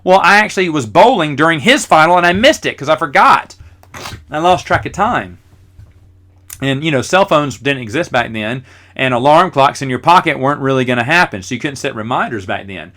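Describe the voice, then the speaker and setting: A man's voice: a little high, expressive, a little fast, pushed and bright. A middle-aged man hosting a podcast, telling rambling, self-mocking stories in a casual way. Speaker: podcast host. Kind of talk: casual storytelling.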